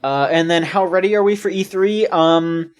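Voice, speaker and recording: A woman's voice: fairly low pitch, normal speed, darkish tone, clean tone. A woman co-hosting a casual video game podcast, rambling with lots of fillers and restarts. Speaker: podcast co-host.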